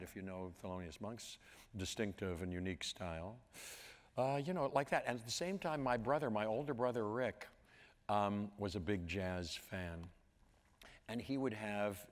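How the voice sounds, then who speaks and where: A man in his sixties from Pittsburgh telling stories at a live onstage conversation, meandering and halting, now and then scatting a tune. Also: low voice. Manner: meandering, halting, with sung scat sounds. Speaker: interview guest. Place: large auditorium. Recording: long hall reverb with audience. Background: audience.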